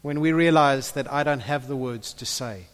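A man preaching a sermon, earnest, building to loud impassioned peaks and repeating his words as he goes. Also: mid-range voice, moderate pace. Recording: echoey hall with long reverb.

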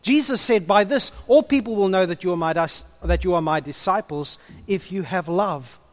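A man's voice: high-pitched, moderate pace. A man preaching a sermon in a conversational way, with humorous asides and a few stumbles.

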